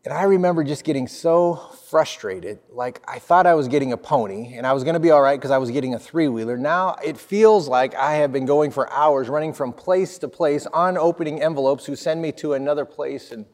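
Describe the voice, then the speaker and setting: A man in his fifties, a pastor, telling a personal story in a sermon with lively swings of energy. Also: medium pitch, moderate pace, in a large hall.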